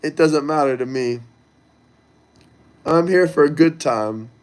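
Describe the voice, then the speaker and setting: This high-pitched man streams casually, speaking to his chat in a loose, crude way and reading their messages out loud. He talks at a slow pace.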